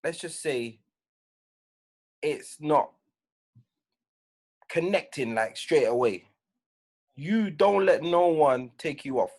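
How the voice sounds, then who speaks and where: A man speaks with animated conviction in a casual podcast conversation. His voice sits somewhat high for a man. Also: slow, long pauses. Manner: animated, firm advice. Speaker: DJ guest.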